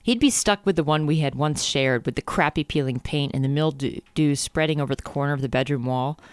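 A man's voice: on the high side, brisk, clean tone, no echo. A man co-hosting a comedy podcast, reading a book aloud and riffing on it in a jokey, laughing way. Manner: jokey, reads passages then riffs with laughter.

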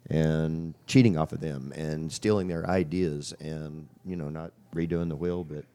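A man's voice: rumbling low, steady tone, unhurried, warm tone, clean tone. A man telling his story in a plain, matter-of-fact way.

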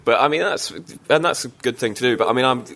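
A man, a comedian guest, talking in a dry, measured way in casual chat. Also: medium pitch, fairly bright tone.

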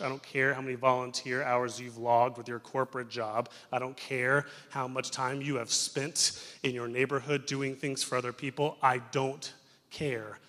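A young adult man preaching a sermon in a church as pastor, telling stories in an animated way that moves between loud and hushed. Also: medium pitch. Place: church sanctuary. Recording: reverberant church sanctuary.

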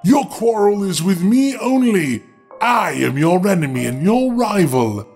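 A man's voice: high-pitched, expressive, unhurried, darkish tone, soft background music. A man voicing a small, spiteful male dwarf who makes boastful, defiant declarations in a storybook reading.

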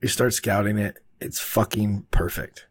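A man tells a production story in a loose, rambling way, with fillers and casual swearing. His voice sits a little low. The recording is dry and close, with no room sound. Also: level tone, a little slow, husky, no room sound. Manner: rambling, laid-back, heavy on fillers and swearing. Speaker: filmmaker telling a production story.

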